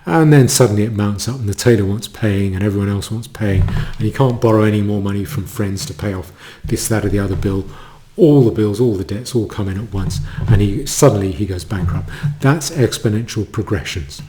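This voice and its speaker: A man giving a solo commentary monologue, halting, with many stammered restarts. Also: fairly low pitch, mellow, a little hiss or hum.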